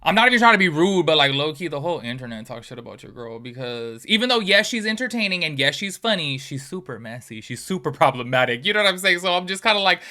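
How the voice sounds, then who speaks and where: A man hosts a casual commentary video, chatting at a brisk clip and turning often to his viewers. His voice is bright and forward. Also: on the high side. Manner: chatty, animated, addresses viewers as y'all. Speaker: host.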